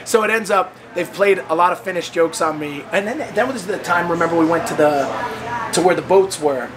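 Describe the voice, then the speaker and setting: Animated man telling a story. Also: a little fast, a crowd in the background. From United States. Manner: animated, acts out quoted voices with big pitch jumps. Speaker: host of the fitness training program. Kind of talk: casual storytelling.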